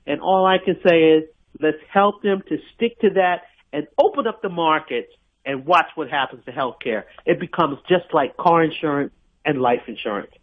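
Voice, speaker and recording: A woman's voice: low-pitched, moderate pace. An older woman calling in to a radio show, talking emphatically and repeating herself for stress. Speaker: caller. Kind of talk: radio call-in. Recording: tinny phone line.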